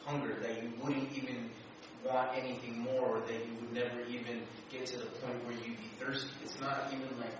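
A man in a Bible class thinking out loud during group discussion, with many fillers. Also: medium pitch, little pitch movement, moderate pace, dull audio, noisy background. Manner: thinks aloud with restarts and fillers. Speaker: class participant. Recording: distant echoey room mic.

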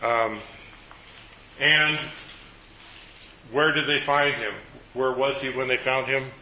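A man's voice: medium pitch, fairly even intonation, slow, bright, forceful tone, muffled recording, slight background noise. A man leading a group Bible study, asking the group questions and then recapping their answers.

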